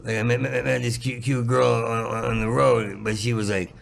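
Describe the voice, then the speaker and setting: A comedian chatting casually on a podcast, stuttering heavily on many words and rambling from joke to joke. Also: male voice, mid-range voice, flat delivery, normal speed, creaky. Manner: rambling, joking, bursts of laughter. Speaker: comedian guest.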